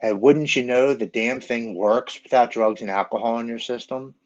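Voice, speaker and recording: A man's voice: mid-range voice, moderate pace. A middle-aged man telling his own story frankly and bluntly, as a guest in an interview. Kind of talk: personal storytelling in a podcast interview. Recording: dull lo-fi recording.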